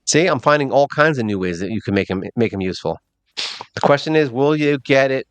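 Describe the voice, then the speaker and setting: A man's voice: mid-range voice, expressive, brisk, clean tone, dry recording. Guy rambling thru his game run, pokes fun at himself, plain middle voice, dead dry mic. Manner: rambling, self-mocking, thinks out loud. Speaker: mobile game channel host. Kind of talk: casual gameplay commentary.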